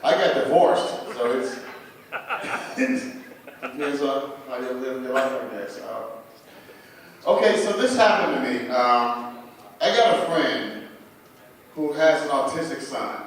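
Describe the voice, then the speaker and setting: A man's voice: medium pitch, sing-song, slow, long pauses, distant mic, slight background noise. Profane fifty-year-old man in echoey bar. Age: 50s. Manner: loose, profane, laughs at his own jokes. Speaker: open mic comedian. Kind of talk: stand-up storytelling. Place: small bar at an open mic night.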